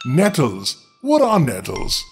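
A man's voice: a little high, wildly swooping pitch, slow pace, vocal fry, faint music behind. A man reading a fairy tale aloud as host, breaking in with sarcastic comic asides. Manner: sarcastic, joking interruptions. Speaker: storyteller host.

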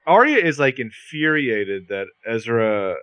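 Lively, wry man in casual podcast chat. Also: medium pitch, unhurried, clean tone, no room sound. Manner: lively, joking, wry asides. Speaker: podcast co-host recapping a TV episode.

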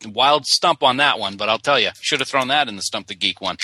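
A man's voice: mid-range voice, a little fast, few pauses, sharp tone, no echo. A man co-hosting a podcast, playful and teasing, laughing easily in casual chat. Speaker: podcast co-host.

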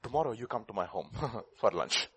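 A man's voice: on the low side, lively intonation, fairly quick, a bit bright, husky, no room sound, voice pushed down, heavily acted. A man doing a sly fable flamingo.

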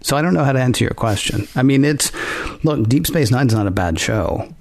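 A man's voice: mid-range voice, lively intonation, brisk, gravelly, darkish tone, no room sound. A man co-hosting a podcast, thinking aloud in casual talk and rambling through restarts. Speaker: podcast co-host.

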